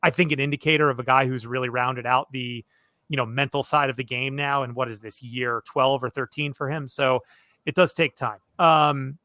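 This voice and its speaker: A man hosting a sports podcast, talking things through in an easygoing, unscripted way. His voice is bright and forceful. The sound is dry and close, with no room in it. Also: medium pitch, steady tone, normal speed, dry recording. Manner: loose and conversational, leaning on fillers like "look" and "you know". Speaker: podcast host. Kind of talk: casual sports podcast chat.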